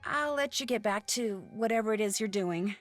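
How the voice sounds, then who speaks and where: An actress voicing a polite, earnest young teen detective in a video game. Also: female voice, mid-range voice, moderate pace, faint music behind, lightly acted.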